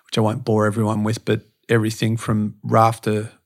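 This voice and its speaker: A man's voice: lowish voice, monotone, fairly quick. Frank, swearing man. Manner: frank and profane, many restarts and fillers. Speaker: podcast guest, fitness and behaviour speaker. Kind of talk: casual storytelling interview.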